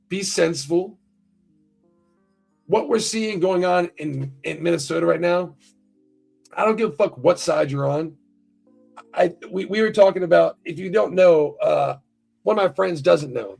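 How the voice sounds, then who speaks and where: An American livestream host speaks at a moderate pace in a fairly high voice that is husky and darkish, with vocal fry. He chats casually and profanely with his viewers, wandering from topic to topic, while faint music plays behind.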